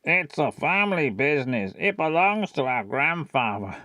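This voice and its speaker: Comic playing a solemn young brother who gasps loudly between lines, pitched up, lively, dry sound. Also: male voice, dry recording, highs cut off. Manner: noisy gasping inhales, slow and solemn.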